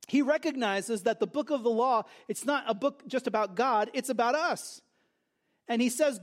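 A man teaching through a Bible passage verse by verse, in a conversational, animated way, asking and answering his own questions. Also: very high-pitched, moderate pace.

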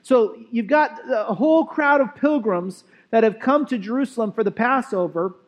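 Male pastor, high voice, relaxed conversational sermon in a church. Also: moderate pace, highs cut off. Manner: conversational, asks the congregation "right?". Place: church sanctuary.

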